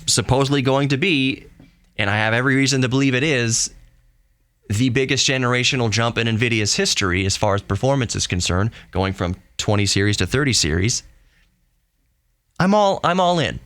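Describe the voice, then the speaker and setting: A young man hosting a podcast. He reads hardware specs in a casual way, breaks in with excited asides, and closes with an earnest, reassuring sign-off. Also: medium pitch, no room sound. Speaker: podcast host.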